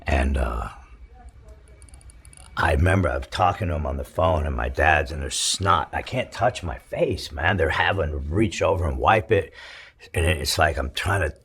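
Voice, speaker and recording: A middle-aged man from California, telling his story in an interview, profane and halting with many restarts. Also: rumbling low, fairly bright tone, a little hiss or hum. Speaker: interview guest, former prisoner. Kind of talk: emotional storytelling.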